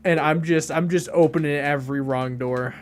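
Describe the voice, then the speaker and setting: A man hosting a game stream tells stories in a slightly high voice and slips "like" into nearly every sentence. His talk is loose, self-mocking chat with a friend. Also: steady tone, moderate pace. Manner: storytelling, self-mocking, many "like" fillers.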